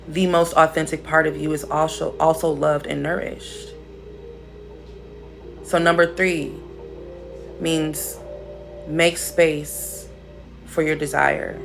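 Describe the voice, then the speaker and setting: A woman's voice: deep voice, gravelly. A woman hosts a casual spiritual livestream. She teaches bluntly and playfully and swears freely. Faint music plays behind her. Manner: blunt, profane, playful, laughs often.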